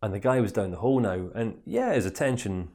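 A man, a life coach, telling a parable in an animated, conversational lesson. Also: fairly low pitch, brisk. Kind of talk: storytelling lesson.

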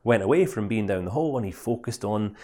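A male life coach telling a story, his voice rising and falling in a lively, expressive way. He speaks conversationally and checks in with his listeners. The tone is casual and engaging. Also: on the low side, fast talker. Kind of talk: storytelling lesson.

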